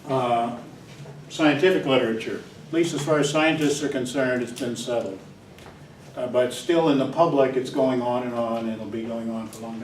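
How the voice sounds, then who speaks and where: A man lectures to a class, wandering off into jokes and acting out his examples with barks and little voices. His voice sits at an ordinary middle pitch. He sounds set back from the microphone in an echoey lecture hall, with a faint hiss underneath. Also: darkish tone, distant mic. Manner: digressive and joking, acts out examples with barks and voices. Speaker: psychology lecturer. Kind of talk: university lecture.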